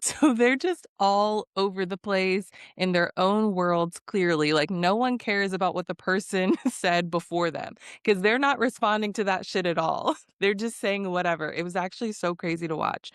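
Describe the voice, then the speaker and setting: A woman's voice: mid-range voice, normal speed, smooth, no echo, clean studio sound. A young woman recapping a reality TV episode in a casual, blunt and exasperated way.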